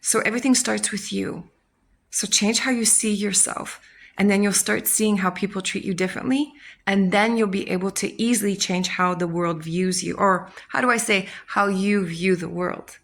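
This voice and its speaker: A woman's voice: mid-range voice, fairly even intonation, moderate pace, a bit bright. A woman hosting a self-help channel, speaking in a frank, casual motivational talk, swearing freely and acting out people's inner voices.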